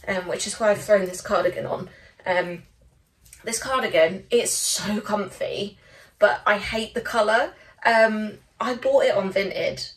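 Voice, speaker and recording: A young woman chatting casually in a vlog from her small studio office, rambling with lots of ums. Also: mid-range voice. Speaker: small stationery business owner. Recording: voice a bit far from the mic.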